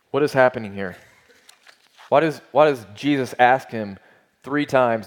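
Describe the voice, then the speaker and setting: A man's voice: medium pitch, a little slow, long pauses. A man preaching a sermon, earnest and emphatic, asking rhetorical questions and repeating phrases for weight. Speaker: pastor.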